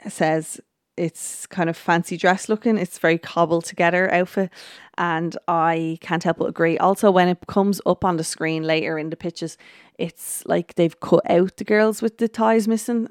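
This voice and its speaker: A woman's voice: fairly low pitch, a little mellow, clean tone, no room sound, studio quality. A woman hosting a podcast, chatting casually through an episode recap with plenty of ums, restarts and quoted lines. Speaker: podcast host.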